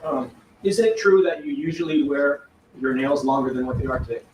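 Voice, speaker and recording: A man cross-examining a witness in court, pressing with quick questions and demanding yes-or-no answers. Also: on the high side. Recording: echoey, distant, noisy courtroom audio.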